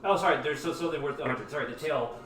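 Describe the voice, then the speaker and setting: A man game master in a tabletop game session, quoting prices in a brisk matter-of-fact way. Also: fairly high pitch, a bit bright, roomy sound, recorded from a distance, soft background music.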